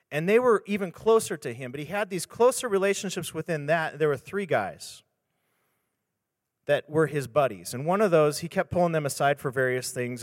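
A man with a slightly higher voice talks like a pastor, candid and chatty. He retells a story loosely with restarts and asides. His voice carries a long reverb tail. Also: studio quality. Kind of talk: casual devotional talk on scripture.

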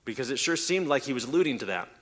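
A man's voice: medium pitch, lively intonation, rapid-fire, a bit bright. A man preaching a sermon, explaining scripture in a teaching manner, often repeating words as he restarts, and rising in force when he quotes verses. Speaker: pastor.

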